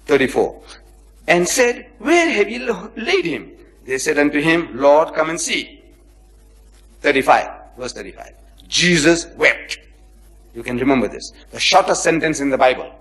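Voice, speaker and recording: A man's voice: on the high side, expressive, moderate pace, pauses often, low-quality recording. A man giving a religious lecture, reading verses and explaining them with dramatic emphasis and rhetorical questions. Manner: dramatic, rhetorical questions, acts out quoted speech; swings between loud emphasis and near-whispered asides.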